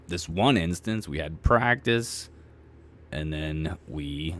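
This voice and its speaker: A man hosting a podcast, telling personal stories in a candid, conversational way, swearing freely and with dark humor. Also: low-pitched. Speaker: podcast host. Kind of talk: personal storytelling monologue.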